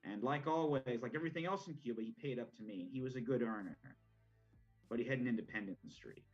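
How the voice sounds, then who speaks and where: A man voicing a scheming older mob boss in a tabletop role-play, speaking in a measured, confiding way. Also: mid-range voice, breathy edge, highs cut off, soft background music, close to an everyday voice.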